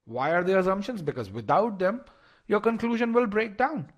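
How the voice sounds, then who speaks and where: A man with a fairly high voice runs a live online prep class. He talks his students through reasoning step by step, often repeating a word while he thinks. He keeps asking the audience to send in their answers. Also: expressive, moderate pace. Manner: explanatory, repeats words and restarts, polls the audience. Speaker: test-prep instructor.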